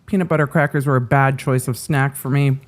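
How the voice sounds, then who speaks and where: A woman's voice: a bass voice, steady tone, brisk. A woman hosting a legal commentary stream, chatting casually and retelling courtroom moments with animation.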